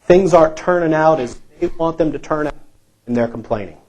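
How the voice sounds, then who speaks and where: Pastor guy preaching in church, kinda high voice, repeats himself a lot, keeps asking the room questions. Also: fairly quick, darkish tone, lo-fi sound. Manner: emphatic preaching with repeated phrases and rhetorical questions to the congregation. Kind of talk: sermon.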